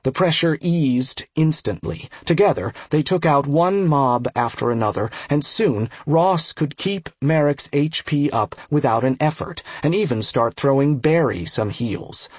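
A man narrating a fantasy game audiobook in a steady, measured reading. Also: a little high, slightly rough, no echo. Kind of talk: scripted narration.

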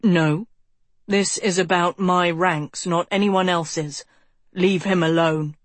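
A woman plays a girl disguised as a schoolboy who answers curtly and coldly. The voice is low and slow in a dry audiobook read. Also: fairly even intonation, dry recording. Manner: curt, cold. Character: girl disguised as a boy, cold and firm. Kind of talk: audiobook character voice.

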